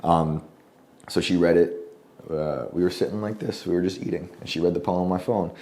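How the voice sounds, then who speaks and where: A man guest telling a story in casual conversation at a home lunch table, rambling with many fillers and often clearing his throat. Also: low-pitched, a little fast, a little mellow. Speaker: guest journalist.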